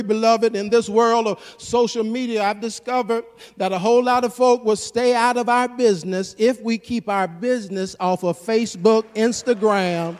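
A man with a high voice preaches to his congregation, calling back to them and climbing into fervent exhortation. His words ring through a church sanctuary with a long, lingering reverb. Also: fairly even intonation, moderate pace. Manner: call-and-response preaching, rising to fervent exhortation. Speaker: pastor. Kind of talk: sermon.

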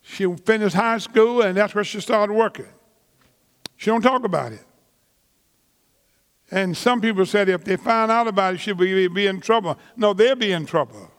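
Pastor, male, high voice, deliberate preaching pace, reverberant church sound. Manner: slow, emphatic preaching with drawn-out words and repetitions; colloquial vernacular grammar. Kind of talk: sermon.

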